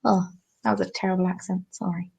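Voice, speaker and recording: A woman's voice: lowish voice, level tone, fast, vocal fry, a little mellow, slightly rough, muffled recording. A young woman hosting a crafting live stream, chatting casually and reading viewers' comments with self-deprecating, apologetic asides. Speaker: crafting livestream host.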